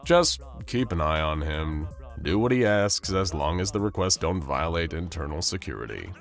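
A man voicing a gruff, world-weary middle-aged male security chief who speaks in a dry tone. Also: low voice, lively intonation, moderate pace, faint music behind. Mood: dismissive.

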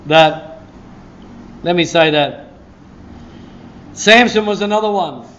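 A man preaching a sermon as a pastor, telling stories with a lively delivery and breaking into shouts of praise. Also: sits high, slow pace, slight background noise.

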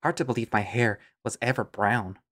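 Low-voiced man narrating in first person. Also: moderate pace, a bit bright. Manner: musing, understated.

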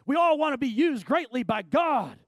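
A middle-aged male pastor preaching a sermon, emphatic, swinging from low and quiet to loud and shouting. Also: very animated, normal speed, no echo.

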